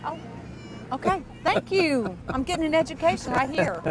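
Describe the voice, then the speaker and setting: A woman's voice: sits high, big pitch swings, normal speed. A woman doing live TV commentary at an outdoor parade, chatty and playful. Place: outdoors at a street parade in the cold. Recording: outdoor parade with crowd noise.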